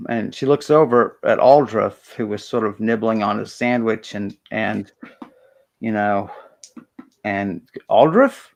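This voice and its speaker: A man's voice: on the low side, fairly even intonation, measured pace, vocal fry. A man narrating a tabletop role-playing game as game master, chatty and hesitant.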